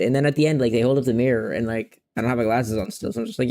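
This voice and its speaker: Casting: young male streamer, gravelly mid voice, rambling and blunt, curses freely. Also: mid-range voice, very fast, darkish tone, a little hiss or hum. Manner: rambling, frank, swears freely. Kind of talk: casual gameplay chat.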